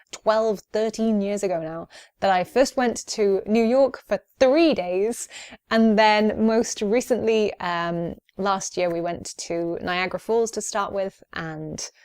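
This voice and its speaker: A woman's voice: medium pitch, measured pace, a little mellow, smooth, no room sound. Chatty woman in a dry room. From Wales. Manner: chatty, frequent ums, light laughs. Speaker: YouTuber. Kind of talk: casual Q&A vlog. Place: her home.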